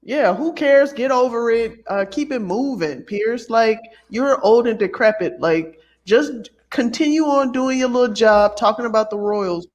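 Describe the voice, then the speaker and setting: A woman's voice: on the high side, a little mellow. Blunt woman podcast co-host. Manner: blunt, quick reactions. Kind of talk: casual comedic chat.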